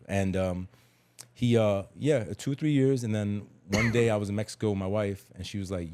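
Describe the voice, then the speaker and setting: A middle-aged man with a lowish voice, speaking candidly in a podcast conversation. He is emphatic, drops street slang and repeats phrases for weight. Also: moderate pace, darkish tone, slight background noise. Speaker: podcast guest.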